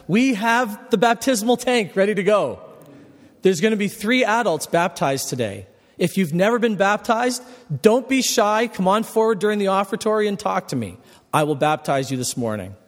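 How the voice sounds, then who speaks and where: A man preaching a sermon as a pastor, animated and climbing to emphatic peaks as he explains his point. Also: sits high. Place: church sanctuary. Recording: long reverb of a church hall.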